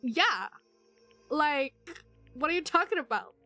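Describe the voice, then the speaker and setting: A young woman streamer with a high, bright-sitting voice, chatting through a game. She is animated and giggly, talking back at the characters on screen. Faint music plays underneath. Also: slow, no echo. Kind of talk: casual game commentary.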